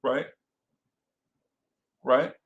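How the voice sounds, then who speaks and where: A man hosting a casual fan podcast, animated and self-correcting, calling out listeners by name. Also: extremely slow, phone-quality sound. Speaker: podcast host. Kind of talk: casual live-stream chat with fans.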